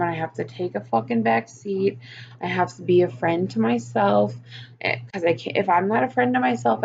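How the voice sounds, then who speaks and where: A woman with a gravelly edge to her voice, venting openly in a personal vlog and swearing freely. The recording sounds a bit muffled. Faint hiss sits underneath. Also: mid-range voice, a little mellow. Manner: frank, swears often, venting. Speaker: vlogger.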